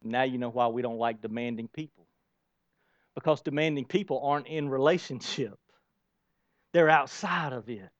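A man preaching a lively sermon to his congregation, asking rhetorical questions and dropping to quiet asides. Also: medium pitch, moderate pace, long pauses, no room sound. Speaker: pastor. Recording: dull lo-fi sound.

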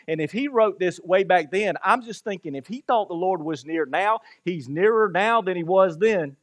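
A man's voice: sits high, animated, normal speed. A male pastor giving a sermon in a conversational way, asking the congregation rhetorical questions and chuckling between points.

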